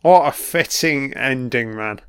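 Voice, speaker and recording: A man's voice: mid-range voice, measured pace, clean tone. A man giving a casual, sweary audio commentary and calling his listeners "man" as an emotional, enthusiastic fan. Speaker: podcast commentator.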